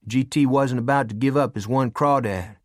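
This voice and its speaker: A male audiobook narrator reads scripted material in an even, storytelling manner. His mid-range voice moves at a moderate pace, recorded with clean studio sound and no echo.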